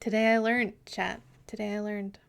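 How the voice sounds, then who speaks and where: A woman's voice: mid-range voice, little pitch movement, moderate pace, vocal fry, smooth. A woman streamer in casual live chat with her viewers, chatty and giggly, sometimes muttering asides to herself.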